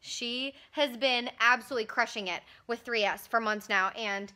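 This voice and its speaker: A young woman in her twenties vlogging casually at home, gushing and gasping with excitement as she unboxes a gift. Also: fairly high pitch, normal speed. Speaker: fitness vlogger. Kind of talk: casual vlog.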